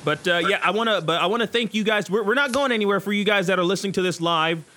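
A man hosting a casual live podcast from a studio, excitable and joking, often stumbling and restarting his sentences. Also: high voice, fast. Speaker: podcast host. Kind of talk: casual live show chat.

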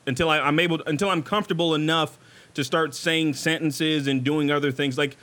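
Brief: male podcast host, a bit high, bright tone, jokey and excitable, trips over his words in a studio. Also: fairly quick. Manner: excitable, joking, stumbling restarts. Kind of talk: casual live show chat.

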